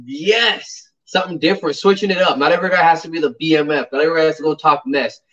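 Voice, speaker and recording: A man's voice: a little high, steady tone, racing, a bit bright. A man in casual chat, rambling, telling stories and leaning on fillers. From United States. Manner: rambling, storytelling, filler-heavy. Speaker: podcast co-host. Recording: distant, dull mic.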